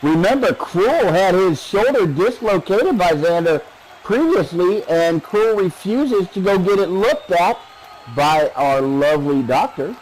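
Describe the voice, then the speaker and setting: A man doing play-by-play wrestling commentary, excitable and joking, his voice climbing during the action. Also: sits high, measured pace, poor audio.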